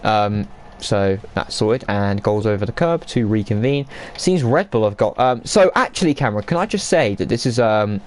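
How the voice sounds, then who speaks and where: A man's voice: fairly low pitch, expressive, moderate pace, darkish tone. A man giving casual, jokey live commentary on an online sim race, full of banter.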